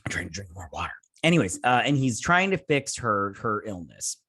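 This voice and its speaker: A man's voice: lowish voice, big pitch swings, a little fast, bright, forceful tone, breathy edge, dry recording, studio quality. A man hosting a casual spoken review, rambling and frustrated, with lots of restarts and fillers. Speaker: YouTube review host.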